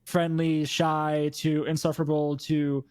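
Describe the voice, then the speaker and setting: Co-host, young adult man, animated rambling delivery, fairly high register. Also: a little slow, smooth. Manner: rambling, animated, slips into mock voices. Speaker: podcast co-host. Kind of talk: casual chat about video games.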